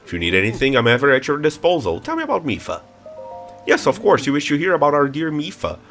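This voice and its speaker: A man with a stuffy nose voicing a gentle, regal old fish-folk king in a game playthrough. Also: a little high, huge pitch swings, quick pace, soft background music, voice pushed up, full character voice. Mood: solemn.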